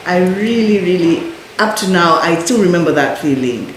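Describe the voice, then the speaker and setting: A woman telling her addiction recovery story as a podcast guest, animated and acting out other people's lines. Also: fairly low pitch, moderate pace. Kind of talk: casual storytelling chat. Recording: echoey room with faint noise.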